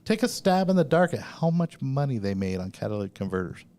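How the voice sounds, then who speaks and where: A man chats casually as podcast host, spinning news stories with a lot of swearing. His voice sits in an ordinary middle pitch, recorded live from a store. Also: sing-song, quick pace, mellow. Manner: profane storytelling of news items. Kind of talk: casual chat.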